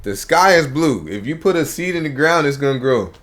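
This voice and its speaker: Lively-pitched male comedian guest. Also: a little fast. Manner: joking, profane banter. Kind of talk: casual chat.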